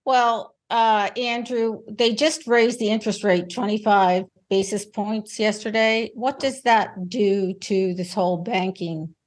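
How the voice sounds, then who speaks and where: A woman hosting a panel show, briskly passing questions to each guest. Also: medium pitch, fairly even intonation. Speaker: host. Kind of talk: moderating a panel.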